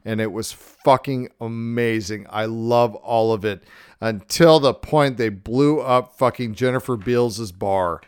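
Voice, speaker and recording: A man hosting a podcast, ranting in a casual, profane and excitable way. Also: medium pitch, unhurried, clean tone, no room sound, studio quality. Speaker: podcast host.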